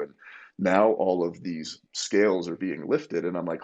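A man telling a personal story as a podcast guest, candid and energetic, with plenty of fillers. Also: low-pitched, a little slow, lo-fi sound.

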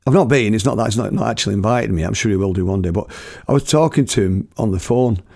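A man's voice: on the low side, quick pace, gravelly, warm tone, no room sound, clean studio sound. A middle-aged man from Britain telling rambling, chatty anecdotes, laughing at his own stories and using slang. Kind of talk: casual storytelling.

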